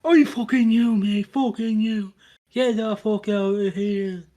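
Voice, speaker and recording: A man's voice: high voice, steady tone, slow pace, pitched above the performer's own voice. A man imitating a rowdy drunk man swearing at a barman. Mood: belligerent. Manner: aggressive, shouty swearing.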